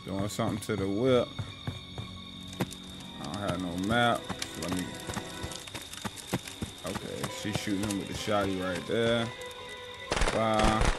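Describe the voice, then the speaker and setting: Loud, playful man streaming a game. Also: on the low side, slow, long pauses, music in the background, rough recording. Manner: loud, playful trash talk with sudden excited cries. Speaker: gaming streamer. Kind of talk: casual gameplay commentary.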